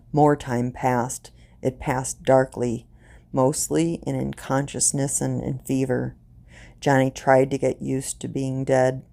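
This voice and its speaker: A woman storyteller reading a grim short story aloud, slowly and deliberately. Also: extremely low pitch, creaky, warm tone.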